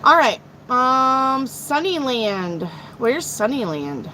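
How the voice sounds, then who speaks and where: A middle-aged woman reading tarot on a live stream, blunt and excitable, swearing freely as she talks to her chat. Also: high voice, takes it slowly, a little hiss or hum, low-quality recording. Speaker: tarot reader.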